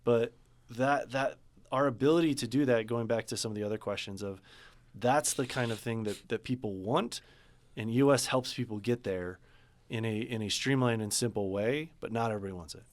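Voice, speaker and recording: A man speaking as a business coach guest in a podcast interview, earnest and animated when telling a story. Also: mid-range voice, brisk. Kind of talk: casual interview talk.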